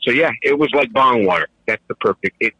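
A middle-aged man tells stories to a radio host in a casual, animated way. His voice is bright and forward, with a dry, close sound. He laughs often and jumps up into a high voice when quoting people. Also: a little fast, husky, no room sound, low-quality recording. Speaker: caller. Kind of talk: casual storytelling.

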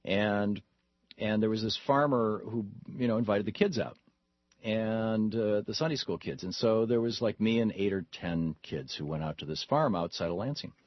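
A man's voice: fairly low pitch, moderate pace, dry recording, highs cut off. A man from Michigan hosting a call-in talk radio show, telling stories in a rambling way with many restarts. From Michigan, USA. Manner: rambling, storytelling with frequent restarts.

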